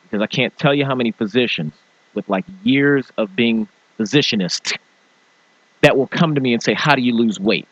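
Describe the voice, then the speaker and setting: A man hosting a talk show, giving an animated motivational rant and mimicking people in funny voices. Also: mid-range voice, normal speed, dry recording, dull audio. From small-town farming family. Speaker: show host.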